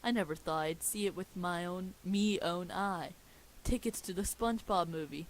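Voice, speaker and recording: A woman reading out a male pirate captain, in a voice close to her own and drawn out slowly. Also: on the low side, slight background noise, natural voice, rough recording. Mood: awed. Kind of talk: script read-aloud in character.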